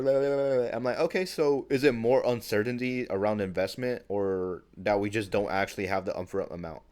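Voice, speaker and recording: A man's voice: fairly low pitch, steady tone, darkish tone. Slangy eighteen-year-old guy venting. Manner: casual slangy talk, says bro a lot, swears freely; acts out other people's lines in quick quoted voices. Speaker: vlogger. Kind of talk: casual venting monologue.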